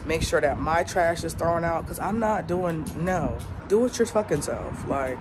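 A woman's voice: lowish voice, lively intonation, unhurried, over music. A young woman, a college student, vlogging on her phone with a blunt, profane, exasperated rant. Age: young adult. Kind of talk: casual vlog rant. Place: around campus, partly outdoors. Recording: noisy with passing traffic.

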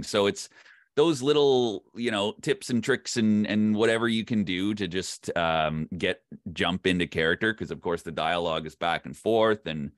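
A middle-aged man with a neutral North American accent talks in a very low voice, relaxed and rambling, full of easy fillers. He chats as a voice actor guest in an interview. His voice is close and dry, with no room sound around it. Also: normal speed, dry recording. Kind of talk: casual interview chat.

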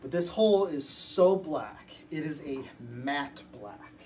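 Slow, rambling man guiding a visualization. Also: fairly high pitch, lively intonation, darkish tone, a little hiss or hum, low-quality recording. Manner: loose and rambling, lots of "like" fillers. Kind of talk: guided visualization in casual chat.

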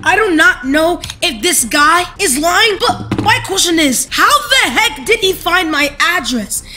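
A woman gaming YouTuber in an excited unboxing vlog, exclaiming and talking straight to her viewers. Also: very high-pitched, a little slow.

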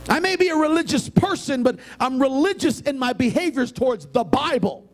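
A male pastor preaching a sermon in a notably high voice. He swings from soft, quiet asides up to loud, shouted emphasis, full of feeling. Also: lively intonation, brisk.

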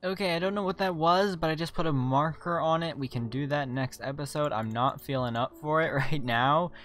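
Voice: mid-range voice, a little fast. Tired, chatty gaming host. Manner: chatty, excitable, rambling with restarts. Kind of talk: casual let's-play commentary.

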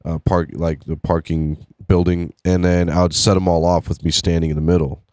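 A man co-hosting a casual podcast, cracking deadpan, sarcastic jokes. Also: low voice, moderate pace, dry recording, studio quality. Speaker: podcast co-host.

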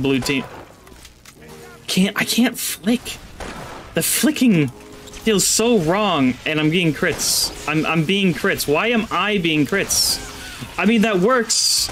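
A man giving rambling, excitable live commentary on a game he is streaming into a headset, his voice jumping high when surprised.

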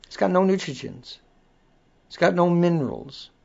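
A man's voice: sits high, unhurried, creaky, darkish tone. A man with an accent, hosting a casual livestream, talking bluntly and swearing as he rants. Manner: blunt, ranting, swears freely. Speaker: livestream host. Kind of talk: casual live-stream rant. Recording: dull lo-fi audio.

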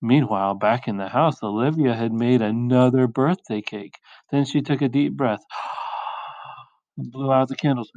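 A male teacher reading a picture book aloud in a slow, expressive storytelling voice. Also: mid-range voice, dry recording, muffled recording.

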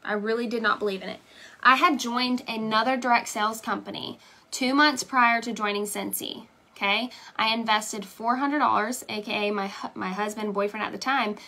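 Bright, upbeat woman giving a pep talk. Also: on the high side, gravelly. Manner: emphatic, repeats "okay?" and "right?". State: tearing up. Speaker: direct sales team leader. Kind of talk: motivational live stream talk.

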